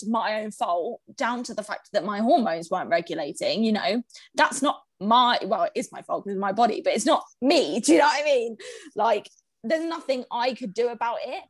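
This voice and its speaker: Young woman, candid and animated, frequent laughs, slightly high voice. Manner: animated, swears freely, laughs often. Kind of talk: casual chat.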